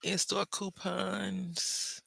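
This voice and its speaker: A man with a high, gravelly voice and a sharp, very bright edge hosts a crafting video. He chats in a playful, gossipy way and keeps throwing asides to his viewers. The sound is close and dry. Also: little pitch movement, extremely slow, dry recording. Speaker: craft channel host. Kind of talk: casual crafting chat.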